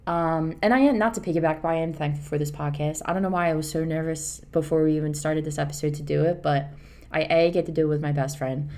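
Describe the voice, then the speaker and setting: A woman's voice: deep voice, steady tone, fast talker, mellow. A woman co-hosting a podcast in casual, earnest chat, rambling and reassuring. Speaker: podcast co-host.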